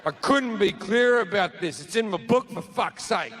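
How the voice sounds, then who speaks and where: A man voicing an angry, petty male God who shouts at his worshippers. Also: high voice, lively intonation, moderate pace, background noise. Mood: seething. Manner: shouting, indignant. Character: ranting bigoted male God, furious and petty.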